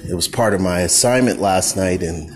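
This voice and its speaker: A man's voice: low-pitched, normal speed. A man hosting a casual monologue podcast, rambling and fired up about his opinions. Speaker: podcast host.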